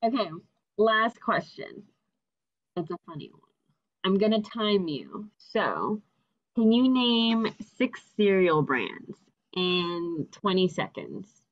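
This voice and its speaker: A woman's voice: medium pitch, sing-song, slow pace. A woman hosting a casual interview over a video call, reacting with lots of "oh my God". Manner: reactive, exclaims "oh my God" often. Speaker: interview host. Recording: dull, dry video-call audio.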